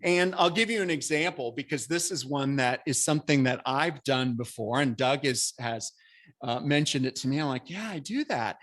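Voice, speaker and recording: A man giving a spiritual talk to a congregation at a spiritual center, speaking in a conversational, earnest way with a voice that carries and lively acted-out asides. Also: medium pitch, normal speed. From American. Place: church hall.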